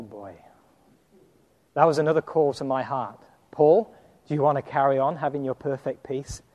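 A man with a high, light voice tells a personal story from the pulpit, acting out the other voices as he goes. His words ring out in a large hall with a long reverb tail. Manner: animated anecdote with acted quotes and laughter. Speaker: preacher. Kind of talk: storytelling sermon.

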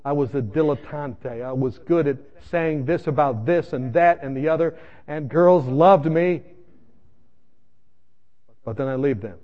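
A man's voice: fairly high pitch, unhurried, pauses often, muffled recording. A man preaching his personal testimony, telling his story in an emphatic way and speaking straight to his listeners. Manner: emphatic storytelling addressing the audience directly. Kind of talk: sermon testimony.

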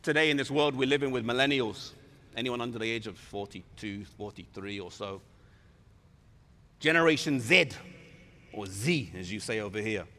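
Bright-voiced man preaching in a hall. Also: mid-range voice, normal speed, long pauses. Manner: animated, dramatizing scripture with voices. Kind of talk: sermon. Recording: reverberant hall.

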